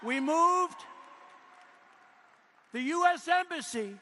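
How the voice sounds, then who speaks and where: A man delivers a rally speech from a podium in a large arena, boastful and repetitive, dropping into quiet asides and then shouting out the big lines. His voice sits very high for a man, and the sound rings with long reverb over a faint crowd murmur. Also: animated, slow, slight background noise. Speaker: political speaker at a rally.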